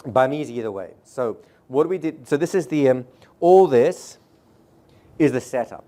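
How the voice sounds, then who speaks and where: A seminar trainer with a warm, mid-range voice teaches a live audience. He speaks briskly and conversationally, checks in with the room often, and sometimes slows right down to demonstrate a point.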